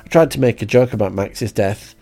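A man telling a comic diary story in a deadpan, rambling way. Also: fairly low pitch, brisk. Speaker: comic diarist.

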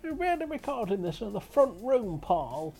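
A man putting on a high, nagging voice for a grumpy male housemate who complains. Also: big pitch swings, moderate pace, vocal fry, a little mellow, slightly rough, soft background music, heavily acted. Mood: irritated. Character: shrill, grumpy male housemate Cecil, bossy and irritable.

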